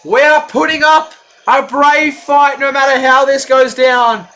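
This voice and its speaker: A high-voiced man calling a basketball game as a fan, his tone bright and cutting. He talks in an unhurried drawl, then snaps into profane shouts and bursts of laughter at his own team. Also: steady tone. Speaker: fan play-by-play commentator. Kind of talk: live fan commentary.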